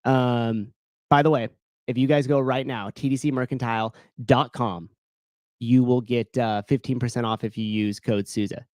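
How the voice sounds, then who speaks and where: A man's voice: mid-range voice, fairly even intonation, moderate pace, darkish tone, no room sound. A man hosting a live show, chatting loosely, rambling and stopping to answer viewers' comments. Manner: rambling, self-interrupting, reads live chat. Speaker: show host. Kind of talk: casual livestream chat. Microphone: desk mic.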